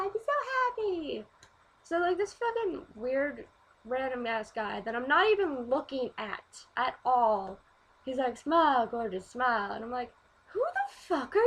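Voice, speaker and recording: Animated young woman vlogger, slightly high voice. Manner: animated, swears freely, heavy use of "like". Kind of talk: casual storytelling vlog.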